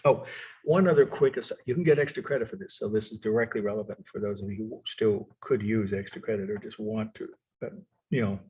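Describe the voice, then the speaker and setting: A man's voice: fairly low pitch, brisk, a little mellow, breathy edge. An older man teaching an art history class, in a rambling, digressive way with frequent chuckles. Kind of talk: recorded college lecture.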